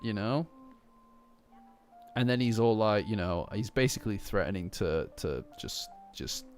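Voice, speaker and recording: A man's voice: on the low side, measured pace. Fired-up man reacting with swearing. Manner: heated, swearing outbursts between calmer musings. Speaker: manga reaction host. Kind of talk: casual chapter reaction commentary. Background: faint lofi background music.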